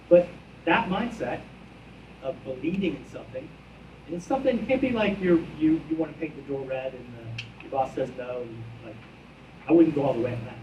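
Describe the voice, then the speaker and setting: Man, executive at a conference, animated storyteller, roomy hall, heard from a distance. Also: medium pitch, normal speed, background noise. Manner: animated anecdote, acts out both sides of dialogue; casual, a bit brash, self-mocking. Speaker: brand executive speaker. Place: conference hall with live audience.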